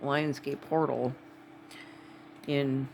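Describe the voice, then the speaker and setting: A woman's voice: rumbling low, level tone, very slow, vocal fry, darkish tone, a little hiss or hum. A woman from Wisconsin with a Wisconsin accent, talking to camera in a rambling, digressive vlog. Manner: rambling, digressive, full of asides. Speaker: vlogger. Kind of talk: casual rambling monologue.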